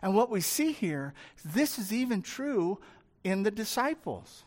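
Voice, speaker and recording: Conversational preacher with a lively pitch. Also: measured pace. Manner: storytelling, conversational, acts out scenes. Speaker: pastor. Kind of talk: sermon.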